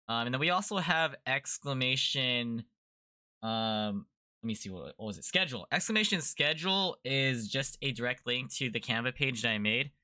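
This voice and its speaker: Young guy hosting a chill stream podcast, really bright voice, dry close mic, kinda rambly. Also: mid-range voice, no echo. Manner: relaxed, chatty, rambling with fillers. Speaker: podcast host. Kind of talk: casual livestream podcast chat.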